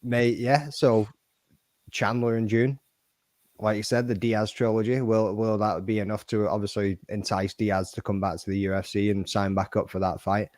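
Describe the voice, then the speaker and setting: A man's voice: on the low side, flat delivery, moderate pace, a little mellow, no echo, clean studio sound. A man co-hosting a casual fight-sports podcast, blunt, swearing casually and calling people mate. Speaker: podcast co-host. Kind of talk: casual MMA chat.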